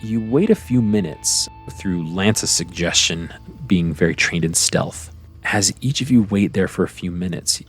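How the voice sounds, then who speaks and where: A man narrating a tabletop game as game master, rambling in a relaxed way. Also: low voice.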